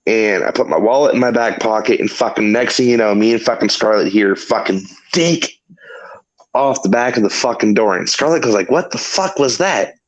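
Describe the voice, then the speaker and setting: A man's voice: on the low side, rough recording. A man hosting a talk show, telling a long story in casual, rambling chat full of swearing. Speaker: podcast host.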